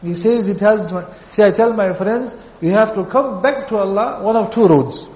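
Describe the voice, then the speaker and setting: An Islamic preacher delivers a sermon at a moderate pace, telling stories, repeating phrases for emphasis, and acting out quotes. He has a high, darkish voice, recorded in a dull, echoey hall.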